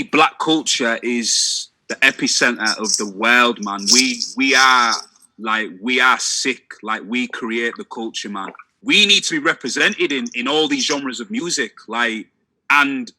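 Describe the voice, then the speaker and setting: A man's voice: medium pitch, unhurried, pushed and bright. A young man in casual chat, speaking emphatically and often closing lines with "man". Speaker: discussion guest.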